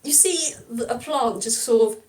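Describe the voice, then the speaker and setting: Woman dm narrating a tabletop game, rambly and chatty, fairly high voice. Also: normal speed, a little mellow, far from the mic. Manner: chatty and rambling, with frequent fillers and laughter. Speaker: game master.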